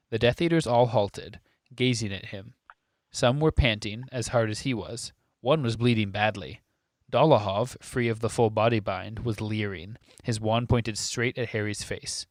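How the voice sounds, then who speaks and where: A man co-hosting a podcast, reading a novel aloud in a steady, measured storytelling way. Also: fairly low pitch, no room sound. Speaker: podcast co-host.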